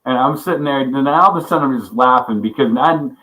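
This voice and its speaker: A man's voice: mid-range voice, fast, pushed and bright, rough recording. A man hosting a casual livestream chat, rambling and swearing a lot, often laughing as he greets viewers by name. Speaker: livestream host.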